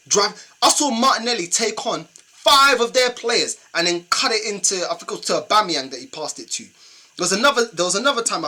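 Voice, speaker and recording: Young London man for a fan reaction rant: bright, forceful tone, exasperated and repetitive. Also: high voice. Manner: exasperated ranting, slangy and repetitive. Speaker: football fan channel host.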